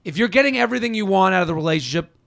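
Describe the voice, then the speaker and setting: A male podcast host gives relationship advice in casual chat, talking things through and acting out example lines as he goes. His voice is high-pitched, a bit bright, and animated, with vocal fry and a racing delivery.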